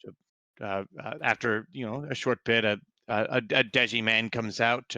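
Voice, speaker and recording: A man narrating a tabletop game as game master, halting with many fillers. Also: lowish voice, fairly even intonation, pushed and bright, dry recording.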